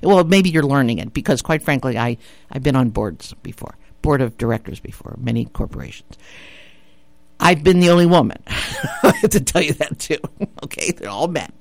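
Lady radio host on her talk show, pitch swings up and down a lot, dry close mic, hammers her points home. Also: expressive, normal speed, gravelly, darkish tone, dry recording. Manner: emphatic, repeats points, asks rhetorical questions. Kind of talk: opinionated talk radio chat. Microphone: studio radio mic.

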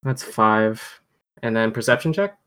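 Very low-voiced woman player. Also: lively intonation, measured pace, a bit bright. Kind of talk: casual tabletop play.

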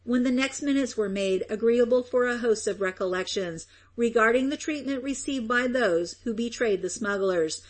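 A woman narrating an old adventure novel aloud as an audiobook reader, in a steady, even storytelling manner. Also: a little high, normal speed, hardly any pauses. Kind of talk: scripted narration.

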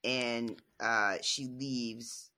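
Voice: medium pitch, fairly even intonation, drawn-out words, bright, forceful tone. A co-host chatting casually about a novel, laughing often, swearing freely and retelling scenes with quoted lines. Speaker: book podcast co-host. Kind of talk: casual book discussion.

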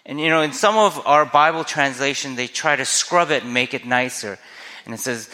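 A man's voice: a little high, animated, moderate pace, bright, forceful tone. A man preaching a sermon as a pastor, earnest and conversational, often asking his listeners rhetorical questions. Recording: long hall reverb.

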